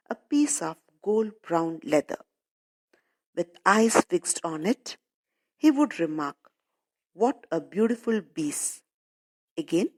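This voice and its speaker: A woman English teacher explaining a story to schoolchildren, patiently repeating and paraphrasing while calling them children. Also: medium pitch.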